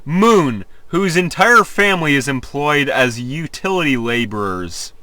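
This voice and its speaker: A young man reading AI-generated stories aloud for comedy, pausing to react in disbelief and laughing. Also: a little high, lively intonation, sharp tone, dry recording. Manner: reads slowly, breaks into laughter and incredulous outbursts.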